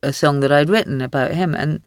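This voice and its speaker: A woman in her sixties, a guest author in a podcast interview, telling stories in a wry, lively way with frequent laughs. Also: sits low, a little fast, dry recording, clean studio sound.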